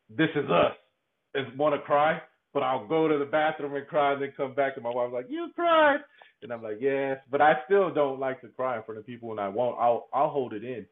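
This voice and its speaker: A man talks openly in a podcast interview, restarting his sentences and laughing between thoughts. His voice comes through a narrow, tinny line like a phone call. He sits in a middle pitch. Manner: halting, repeats words, laughs often. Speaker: podcast guest. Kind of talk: candid conversational interview.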